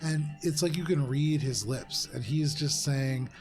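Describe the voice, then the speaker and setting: Casual male game master, slightly high voice, faint music behind. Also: measured pace, darkish tone. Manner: casual, rambling, full of fillers. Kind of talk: narrating a tabletop game.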